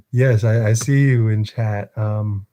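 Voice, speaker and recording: A man with a mellow, relaxed voice hosts a casual live stream, chatting to viewers and reading a novel aloud. He laughs easily and trips over longer words as he goes. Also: lowish voice, takes it slowly.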